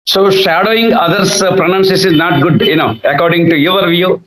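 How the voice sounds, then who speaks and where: A man's voice: high voice, brisk, echoey room, a loud crowd, low-quality recording. A man with an Indian English accent asking polite questions and often adding "sir". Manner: deferential, adds "sir". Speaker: interviewer.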